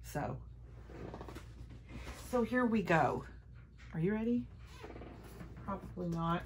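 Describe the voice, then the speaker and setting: A woman vlogger chatting casually through a makeup haul, gushing and playful, sometimes dropping to a hush. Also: on the low side, a little slow, slight background noise. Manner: gushing, playful, talks to her palettes.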